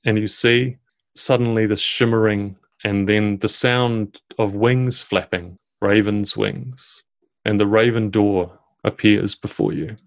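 A man, narrating a tabletop game podcast as dungeon master in a measured storytelling way. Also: lowish voice, steady tone, vocal fry.

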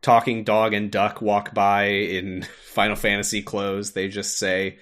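A young man co-hosting a podcast, casually recapping a game's story with animated retelling and frequent laughter. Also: fairly low pitch, measured pace. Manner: animated storytelling, laughs often, acts out lines. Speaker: podcast co-host. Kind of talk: casual chat recapping a game.

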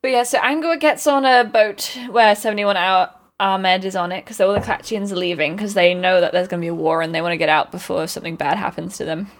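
A woman's voice: mid-range voice, fairly even intonation, fairly quick, hardly any pauses. A woman hosting a podcast, chatting casually and recapping a book in a rambling way with lots of ums and frequent laughter. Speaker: podcast host.

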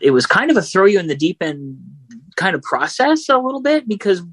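A man moderating a panel discussion and speaking off the cuff, with many pauses, ums and restarts. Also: sits high, very animated, a bit bright, breathy edge, dry recording.

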